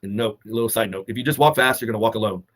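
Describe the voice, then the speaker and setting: Man, co-host, motivational talk, earnest, measured, emotional. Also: on the low side. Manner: earnest, measured, list-like delivery with pauses. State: holding back emotion. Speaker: co-host of a fitness summit talk.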